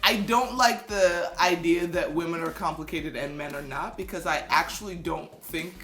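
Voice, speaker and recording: A woman's voice: lowish voice, moderate pace, fairly bright tone, echoey room, faint music behind. A woman co-hosting a casual chat, rambling through her answers and laughing often. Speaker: co-host.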